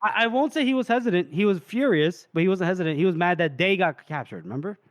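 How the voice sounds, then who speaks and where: A man's voice: high voice, expressive, fast, no room sound. A man co-hosting a podcast, casually retelling book scenes and acting out the characters' lines. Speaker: podcast co-host.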